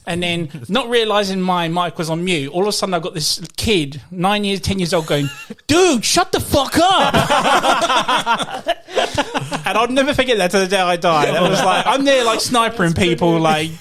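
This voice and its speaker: Here a man with a high voice speaks briskly, with few pauses. He co-hosts a podcast and tells stories in a friendly, casual chat, animated and frequently laughing.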